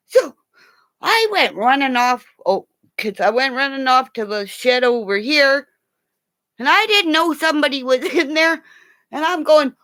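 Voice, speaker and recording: Animated older woman telling stories. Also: sits high, normal speed. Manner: animated, laughing, swearing storyteller. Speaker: vlogger. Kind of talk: casual storytelling.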